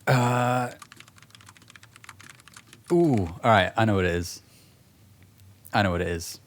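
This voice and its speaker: Laid-back young British man, low voice. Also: slow pace. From United Kingdom. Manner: chatty, laughs often, many fillers and restarts. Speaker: guest actor. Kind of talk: casual podcast chat.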